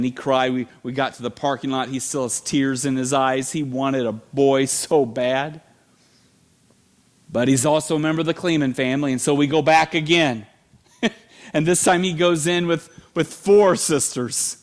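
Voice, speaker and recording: A middle-aged man preaching a sermon as a pastor, telling a family story in an animated way and acting out other people's voices. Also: medium pitch.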